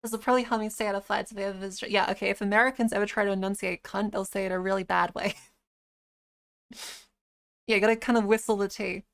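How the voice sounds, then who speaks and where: A woman's voice: mid-range voice, fairly even intonation, quick pace, vocal fry. A woman chatting casually with her live-stream viewers, swearing freely and laughing often.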